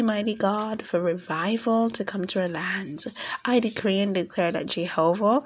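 A woman minister leading a fervent, solemn spoken prayer, with repeated declarations in a steady devotional cadence. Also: mid-range voice, gravelly, breathy edge.

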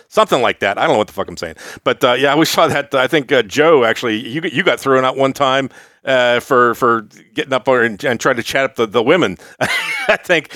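A man in a relaxed comedic commentary role, with a mid-range voice. He is loose and laughs easily. The recording is dry, with no room sound. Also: mid-range voice, dry recording. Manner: laid-back, laughs often, loose fillers. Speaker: host.

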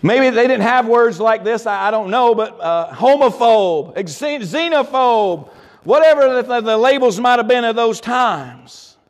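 Man, a pastor, preaching with a very high voice and dramatic slow emphasis; long church reverb behind him. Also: animated. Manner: preaching with sudden drops and swells, slow emphatic stresses. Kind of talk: sermon. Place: church sanctuary.

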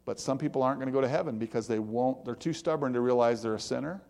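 A man's voice: mid-range voice, fast talker, vocal fry, a little mellow. A man giving a conversational devotional sermon in a folksy, plain-spoken way, with self-mocking asides. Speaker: preacher.

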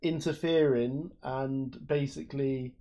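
Male podcast co-host, mid-pitched, rambling friendly explainer. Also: fairly even intonation, takes it slowly, mellow. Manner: chatty, explains at length with many fillers. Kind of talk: casual chat.

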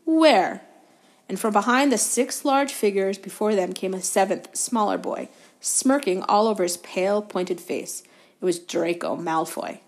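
Brief: woman guest reader, calm steady book narration, occasional stumbles corrected. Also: mid-range voice, normal speed. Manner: steady storytelling, fillers of self-correction. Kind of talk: reading a novel aloud.

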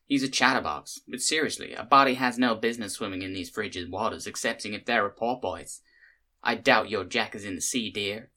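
A man's voice: on the low side, a little fast, pushed and bright. A man voicing a talkative grey-haired woman tourist from the American South, folksy and gushing, with a Southern US accent.

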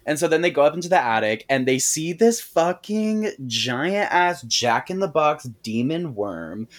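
A man's voice: a little high, very animated, measured pace. A man co-hosting a podcast, recapping a horror movie in a casual, profane, storytelling way and slipping into quoted voices. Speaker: podcast co-host.

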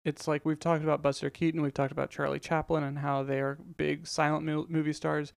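A man co-hosting a podcast, explaining at length in a relaxed way with plenty of ums and you-knows. His voice sits a little high for a man and carries a heavy, crackly fry. It is recorded close and dry. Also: brisk, dry recording. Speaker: podcast co-host. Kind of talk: casual chat.

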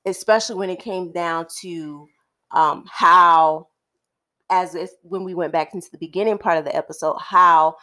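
A woman co-hosting a casual conversational podcast, speaking in a thoughtful, measured way with frequent pauses. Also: lowish voice, steady tone, pushed and bright. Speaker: podcast co-host.

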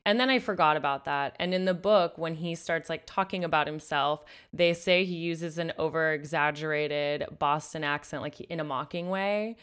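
A woman's voice: low-pitched, normal speed, few pauses, a bit bright, clear, resonant tone. A woman co-hosting a podcast, chatting animatedly about a book and its film, full of "like" fillers. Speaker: podcast co-host. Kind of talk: casual book-and-film discussion.

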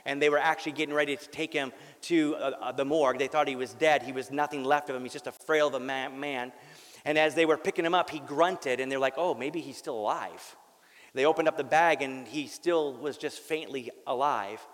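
A man's voice: mid-range voice, fairly even intonation, brisk, a bit bright. A man preaching a sermon as a pastor. He tells a personal story earnestly and candidly, repeats words as he goes and drops in wry jokes. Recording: long reverb of a large hall.

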